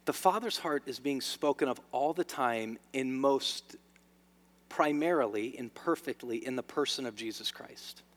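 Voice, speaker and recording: A man preaching a sermon to his church, swinging between loud emphasis and hushed lines. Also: medium pitch, a little slow. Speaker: pastor. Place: church sanctuary. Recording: long reverb of a large hall.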